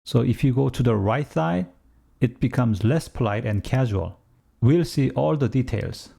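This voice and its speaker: A man's voice: mid-range voice, animated, unhurried, gravelly, dark tone, slightly rough. A man giving a scripted language lesson, explaining steadily with the odd joking aside. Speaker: language teacher.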